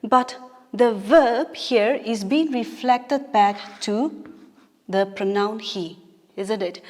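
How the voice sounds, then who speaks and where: A woman's voice: mid-range voice, a little mellow. Naga woman teacher in an echoey room. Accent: Naga English. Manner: patient, explaining with frequent "all right?" checks. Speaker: English teacher. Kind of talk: classroom lesson. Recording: reverberant room with long echo.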